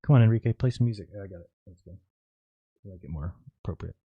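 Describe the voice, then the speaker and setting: A man's voice: low voice, a little fast, husky, no room sound, narrow, tinny audio. A man hosting a live stream, casually reading viewer questions aloud and answering them in a rambling, offhand way.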